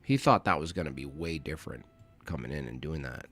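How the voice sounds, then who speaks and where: A man's voice: extremely low pitch, expressive, brisk, fairly bright tone, breathy edge, faint music behind. A man giving sarcastic live commentary while reacting to protest footage, rambling and mocking as he goes.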